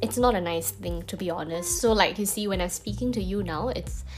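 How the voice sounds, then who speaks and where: A woman's voice: mid-range voice, a little fast. A young woman with a Singaporean accent, chatting candidly into her phone for a vlog, with lots of fillers and self-corrections. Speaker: vlogger. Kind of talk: casual personal monologue.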